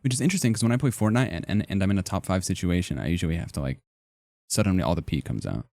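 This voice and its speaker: A man's voice: sits low, animated, racing, vocal fry, a little mellow, dry recording. A young man streaming live, chatting casually and joking as he reacts to his chat in a rambling way.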